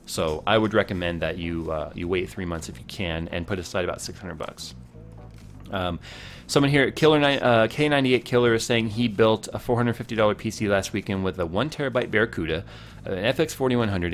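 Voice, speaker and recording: A man hosting a casual tech live stream, chatty and rambling, who reads viewers' comments aloud. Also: lowish voice. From Massachusetts, United States.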